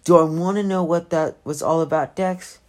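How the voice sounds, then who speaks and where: A woman reading as a gruff exasperated shopkeeper. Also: deep voice, steady tone, normal speed, a little mellow, voice pushed up, close to an everyday voice. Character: shopkeeper father, wry and short-tempered.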